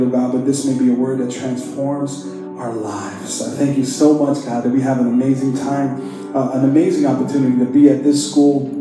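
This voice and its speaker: A man preaching to a congregation as pastor, lively and joking, calling out for the crowd to respond. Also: medium pitch. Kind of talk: sermon with humorous stories. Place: church service. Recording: echoey room with music behind.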